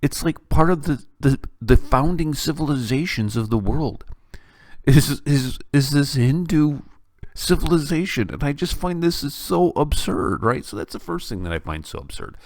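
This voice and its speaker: Animated, sarcastic man ranting. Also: a little high, normal speed, no echo. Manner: animated, sarcastic, incredulous rants. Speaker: podcast host. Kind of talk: opinionated political commentary.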